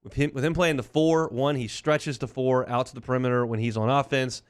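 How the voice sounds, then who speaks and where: A man's voice: medium pitch, steady tone, a little fast, clean tone. A man hosting a sports talk radio show, chatting in an opinionated, conversational way.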